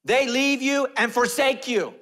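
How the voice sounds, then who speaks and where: Male pastor, higher register, playful sermon delivery, swings between hush and shout, long church reverb. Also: measured pace. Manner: animated, joking, swings between loud and hushed. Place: church sanctuary.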